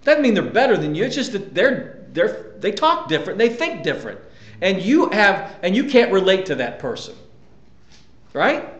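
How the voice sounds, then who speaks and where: High-voiced man preaching emphatically. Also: very animated, moderate pace, fairly bright tone, echoey room, muffled recording. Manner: emphatic preaching with rhetorical questions. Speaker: pastor. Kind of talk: sermon.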